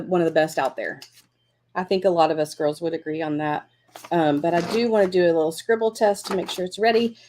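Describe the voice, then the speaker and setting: A middle-aged woman teaches a live crafting class, with a slightly low pitch for a woman. She chats warmly with her viewers and thinks aloud as she works. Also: slight background noise. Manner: chatty, encouraging, thinks aloud while working.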